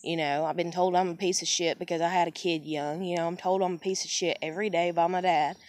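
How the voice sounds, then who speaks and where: A woman's voice: lowish voice, steady tone, fast talker, a little mellow. A woman in a casual personal monologue. She talks candidly, swears often, rambles, restarts sentences and keeps saying "you know.".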